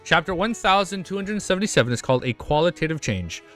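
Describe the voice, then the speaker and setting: A man's voice: on the high side, big pitch swings, quick pace, fairly bright tone, faint music behind. A man reading a web novel aloud for his stream, breaking off now and then into emotional reactions. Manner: reads narration, breaks off into emotional reactions and swearing. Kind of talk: casual reading with excited reactions.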